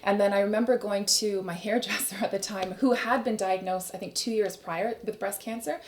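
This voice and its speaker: Fast-talking woman telling her story. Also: mid-range voice, slight background noise. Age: 30s. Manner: animated, acts out quoted voices, laughs often. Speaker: guest. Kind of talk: candid storytelling interview.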